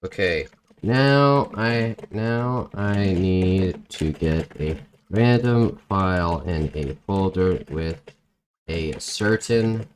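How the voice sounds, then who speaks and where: A young man with a low voice talks slowly and jokes as he works through his code. He thinks aloud while he types. Faint noise sits under his voice. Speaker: game developer. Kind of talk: casual chat while coding.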